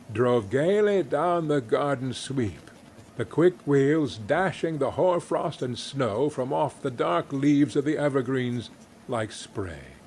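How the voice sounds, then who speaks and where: A man reading a classic story aloud in an expressive, unhurried way with occasional wry asides. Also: mid-range voice, a little hiss or hum.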